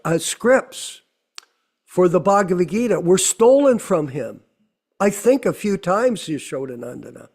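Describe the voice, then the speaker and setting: A man's voice: high-pitched, expressive, measured pace, a little mellow. A middle-aged man giving a conversational sermon, full of rhetorical questions. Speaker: temple speaker.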